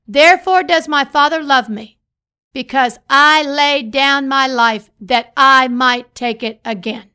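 A woman's voice: high voice, sharp tone. A woman pastor preaching a sermon, reading scripture and repeating phrases for emphasis.

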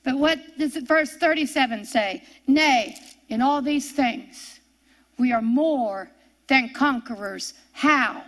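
A woman's voice: high-pitched, takes it slowly, fairly bright tone. An older woman preaching a fervent sermon, repeating her refrains and telling stories from her own life.

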